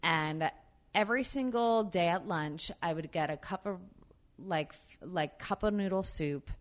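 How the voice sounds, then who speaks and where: An actress telling a story in an interview, candid and profane, with lots of fillers. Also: female voice, lowish voice, unhurried.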